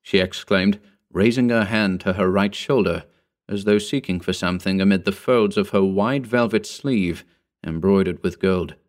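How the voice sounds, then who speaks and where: A man reading an old story aloud in a measured, formal narration. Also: deep voice. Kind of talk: scripted narration.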